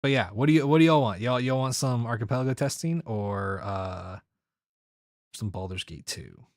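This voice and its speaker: A man's voice: medium pitch, moderate pace, no room sound, studio quality. A man streaming games, chatting casually with his viewers, rambling and laughing often. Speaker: game streamer. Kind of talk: casual chat with live chat.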